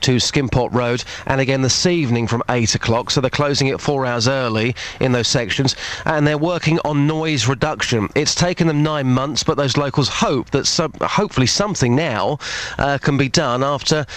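A male radio reporter with an ordinary mid-range voice, filing a field report and gently coaxing an interviewee along. His tone is easygoing and conversational. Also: medium pitch, normal speed.

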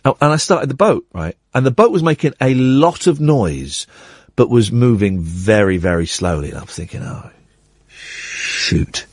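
Male radio host, middle-aged, lively storyteller with a slightly husky, dry studio sound. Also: medium pitch, normal speed, no room sound. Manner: animated anecdote with acted-out quotes.

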